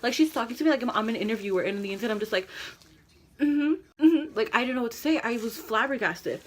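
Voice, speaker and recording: A young woman telling a dramatic storytime vlog, animated and full of quoted voices. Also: fairly high pitch, racing. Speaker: vlogger.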